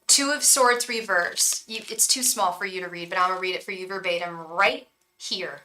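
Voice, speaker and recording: A woman's voice: mid-range voice, steady tone, normal speed, bright, forceful tone, distant mic, poor audio. A woman giving a live-streamed tarot reading, talking in a frank, chatty way and swearing casually. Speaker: tarot reader and psychic.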